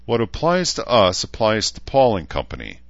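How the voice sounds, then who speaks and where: A man's voice: lowish voice, huge pitch swings, moderate pace, no echo, pitched above the performer's own voice. A man reading the lines of a thoughtful male adviser in an audiobook, on a dull recording.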